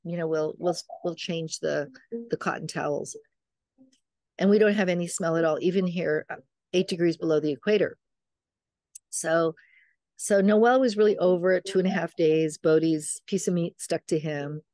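A woman's voice: lowish voice, moderate pace, darkish tone, no room sound, clean studio sound. An older woman, a midwife and author, chatting as a guest and rambling through family stories, acting out what her relatives said. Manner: chatty, rambling, acts out quoted family members. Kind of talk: casual storytelling conversation.

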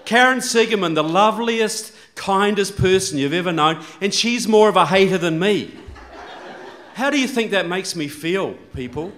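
A man addressing a conference audience in a fairly high voice. He complains in a mock-wounded, sarcastic deadpan, building his grievance for comic effect. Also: moderate pace. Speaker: conference speaker. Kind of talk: public speech at a conference.

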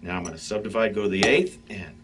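A man teaching drum stick technique in a relaxed, conversational way, talking straight to his students between demonstrations. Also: on the low side, fast. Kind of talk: instructional demonstration. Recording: practice pad clicks and noise behind.

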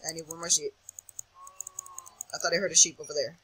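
A man's voice: on the high side, steady tone, brisk, sharp tone, breathy edge, rough recording. A young man giving casual commentary over a video game, jittery and self-mocking, often chanting words over and over in a sing-song. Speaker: gaming channel host.

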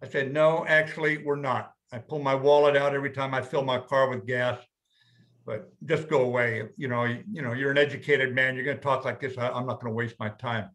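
Older man, plainspoken storyteller, measured, medium pitch. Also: fairly even intonation, fairly bright tone. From United States. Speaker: guest speaker. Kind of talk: storytelling talk.

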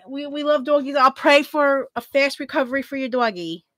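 Giggly high-voiced woman chatting live. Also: fairly even intonation, fast talker, hardly any pauses. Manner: bubbly, giggly, calls viewers queen. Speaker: livestream host. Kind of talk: casual livestream chat, reading comments.

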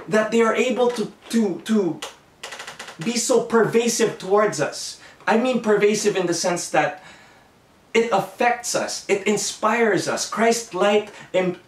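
A man's voice: high voice, far from the mic, slight background noise. Earnest man preaching in an echoey room. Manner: earnest, self-correcting preaching with many restarts. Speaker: pastor. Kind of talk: sermon. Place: home room. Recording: echoey room, voice a bit off-mic.

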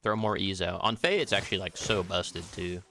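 A man's voice: low-pitched, normal speed, slight background noise. A young man streaming his gameplay, chatting casually with viewers, joking and swearing as he plays. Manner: profane, joking, excitable.

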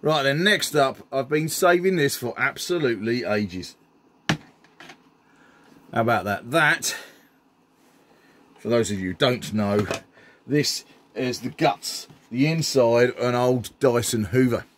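In an unhurried, somewhat bright mid-range voice, a middle-aged man enthusiastically presents the scenery he's built as a hobby, often saying um. The casual show-and-tell has slight background noise.

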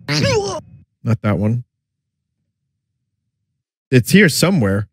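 A man's voice: medium pitch, expressive, normal speed, dry recording. Brief: sick male streamer with wry asides, dry close mic. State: sick, voice affected. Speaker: streamer reacting to commercials. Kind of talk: casual live commentary.

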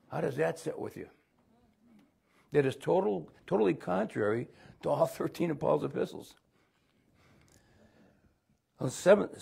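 A man's voice: on the high side, vocal fry, a little mellow, slightly rough. A middle-aged man teaching a conversational Bible lesson, rambling with folksy asides and restarts.

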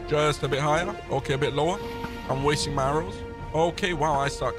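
A male streamer giving excitable gaming livestream commentary, talking to his chat and shouting when he panics. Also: on the high side, brisk, over music.

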